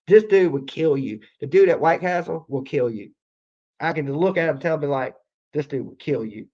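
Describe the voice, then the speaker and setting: Late at night on his livestream, a man tells a story casually and profanely, rambling, leaning on "like," and repeating himself. His voice is fairly high with a darkish tone, and the recording's highs are cut off.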